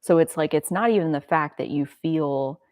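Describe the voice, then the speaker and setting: A woman's voice: deep voice, moderate pace, a little mellow, no room sound, clean studio sound. A woman hosting a casual spiritual self-help talk, reflective and rambling, with many filler words. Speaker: host.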